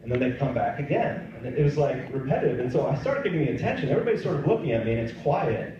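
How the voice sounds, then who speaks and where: Rapid-fire and animated, a pro-life missionary with a dark, medium-pitched voice recounts his testimony in a conversational way, performing the quoted exchanges. Faint background noise sits under a distant, echoey, dull room recording.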